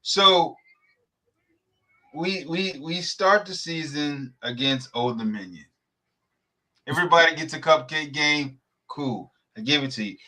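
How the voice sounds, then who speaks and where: A man, co-hosting a sports podcast, ranting about college football schedules in a heated, profane, animated way. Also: a little high, a little slow, pauses often. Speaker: podcast co-host. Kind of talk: casual sports debate.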